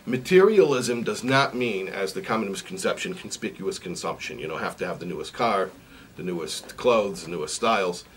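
A man's voice: low voice, lively intonation, moderate pace. A man giving a weekly religious lesson, asking repeated questions and telling a parable, recorded on a distant mic with faint noise. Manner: repetitive, questioning, storytelling. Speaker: religious teacher. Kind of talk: sermon with a parable.

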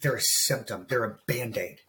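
A man's voice: mid-range voice, normal speed, fairly bright tone. Earnest man speaking with raw emotion. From United States. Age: about 40. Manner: emotional, earnest, calls the host bro and man. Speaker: guest, transformation coach. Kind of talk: candid podcast interview.

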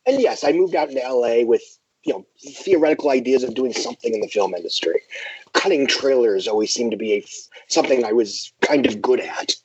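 Dry, husky-voiced film critic man. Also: mid-range voice, expressive, a little fast, a little mellow, dry recording, muffled recording. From Midwest US. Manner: dry, self-deprecating. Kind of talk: casual interview chat.

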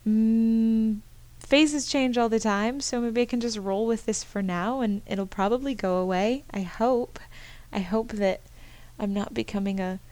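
A woman's voice: mid-range voice, smooth. Candid woman laughing at herself. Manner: candid, self-deprecating, laughs often. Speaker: podcast host. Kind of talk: personal monologue.

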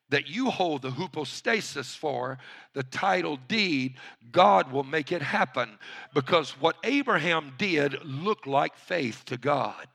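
A male pastor preaches with a high, gravelly voice. His delivery is bright and forceful, and he keeps calling on the congregation to answer back. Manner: calls on the congregation to respond. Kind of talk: sermon.

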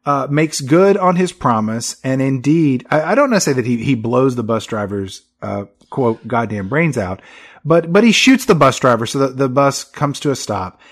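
A man's voice: mid-range voice, moderate pace. A man co-hosting a comedic movie podcast, recapping scenes and acting out the characters. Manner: animated storyteller, acts out characters. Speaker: podcast co-host.

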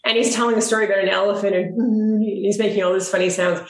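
A woman's voice: medium pitch, steady tone, quick pace. A woman chatting casually, laughing easily as she tells stories. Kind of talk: casual chat. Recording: echoey room with faint noise.

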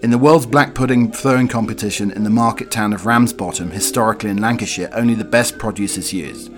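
Over soft background music, a man who has a cold hosts a podcast with a low voice and quick pace. He works through strange news items and wanders into filler-heavy tangents.

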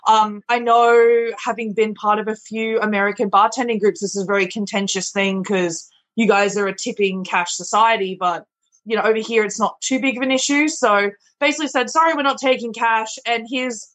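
A woman's voice: medium pitch, steady tone, fairly quick, a bit bright, poor audio. A woman, a bartender chatting casually on a podcast, full of "like" fillers and swearing. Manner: swears freely, frequent "like" fillers. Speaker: bartender guest.

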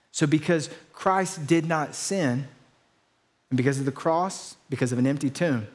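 A male pastor delivering a sermon in an easygoing, conversational style. His voice sits a little high for a man, and he drops casual slang asides into his preaching.

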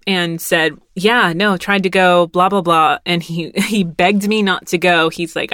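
A woman in her thirties tells a casual story in a rambling, wry way, with a few easy swears. Her voice sits a bit low. The recording is close and dry, with no room sound. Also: steady tone, normal speed, few pauses, fairly bright tone, no echo. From Texas. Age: 30s.

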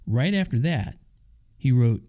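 A man's voice: mid-range voice, lively intonation, unhurried, dark tone. A man hosting a Christian talk, speaking conversationally with casual asides and the odd chuckle. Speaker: Christian podcast host.

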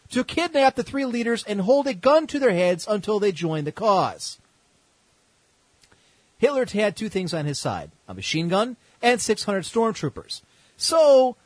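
A man's voice: high voice, no echo, poor audio. A man hosting a podcast, telling history as comedy with sarcastic, irreverent asides. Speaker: podcast host.

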